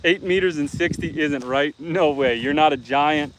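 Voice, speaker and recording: A fairly high-voiced middle-aged man from Canada hosts a live stream from his farm. He chats outdoors among his animals in an easygoing, teasing way, and farm animals can be heard behind him. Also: normal speed, fairly bright tone, slight background noise, rough recording. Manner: easygoing, chatty, teasing viewers. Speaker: homestead livestreamer. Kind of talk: casual live-stream chat reading viewer comments.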